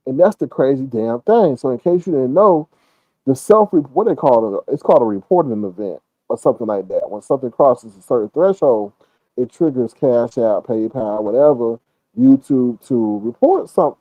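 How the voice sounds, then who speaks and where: A man's voice: mid-range voice, warm tone, no echo, poor audio. A man giving rambling, profane casual commentary on a livestream and answering chat.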